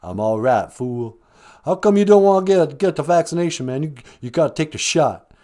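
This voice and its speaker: A man's voice: a little high, expressive, normal speed, dark tone, lightly acted. A man voicing a brash, pushy woman caller who teases and bosses the host around. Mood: bossy. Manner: brassy, calls the host a fool.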